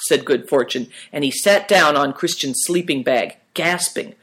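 Calm storybook narrator. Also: medium pitch, moderate pace, hardly any pauses.

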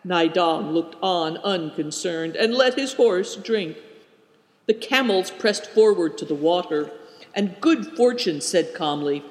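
A man narrating a storybook in a measured way. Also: high voice, lively intonation. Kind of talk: audiobook narration. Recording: roomy with a long reverb.

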